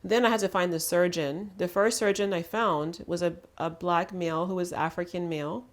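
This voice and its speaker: A woman's voice: on the low side, fairly even intonation, normal speed. A woman hosting an intimate conversation, telling her story in an earnest, emphatic way. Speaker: host.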